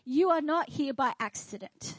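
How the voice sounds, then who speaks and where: A woman's voice: high voice, expressive, moderate pace, a bit bright, no room sound, rough recording. A woman pastor preaching a sermon in church, declaring and asking the congregation questions.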